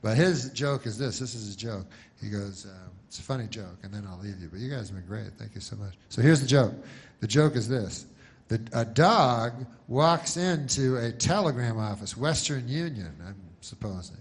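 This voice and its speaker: A male stand-up comedian telling jokes in a deadpan, rambling way, with long digressive setups full of filler words. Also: medium pitch, normal speed, breathy edge.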